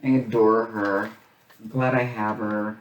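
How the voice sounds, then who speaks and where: A middle-aged woman hosts a crafting video, her rumbling low voice a little slow, with little pitch movement. She chats casually and rambles while she works, often repeating phrases. The sound is roomy and faintly noisy, with her set back from the mic.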